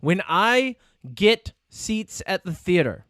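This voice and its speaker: A podcast co-host with a high-pitched, clear, resonant voice talks at a slow pace, with no echo and clean studio sound. He's an animated storyteller in a relaxed chat, breaking into frequent laughter and performing quotes.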